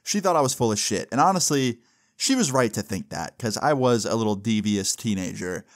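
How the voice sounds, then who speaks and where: A young man talks briskly in a low-sided voice with lively intonation. He casually recounts something personal, loose and profane in manner, with "like" and "right?" tag questions appearing often.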